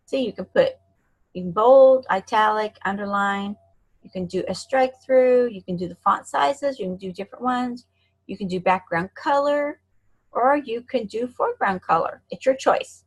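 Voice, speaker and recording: A woman giving a screen-share software tutorial in a chatty, encouraging way, talking to herself as she clicks. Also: mid-range voice, moderate pace, poor audio. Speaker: online marketing instructor.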